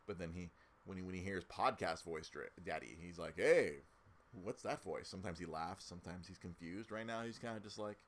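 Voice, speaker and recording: A man's voice: low voice, fairly even intonation, a little fast, fairly bright tone, slight background noise. A man co-hosting a casual podcast, talking with many stammered restarts and repeated words. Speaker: podcast co-host.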